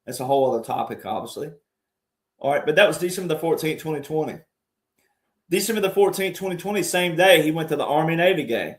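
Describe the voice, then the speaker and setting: A man giving an emphatic commentary monologue, repeating himself and addressing the audience as ladies and gentlemen. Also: on the high side, fairly quick. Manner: restarts and repeats words often. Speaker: guest commentator.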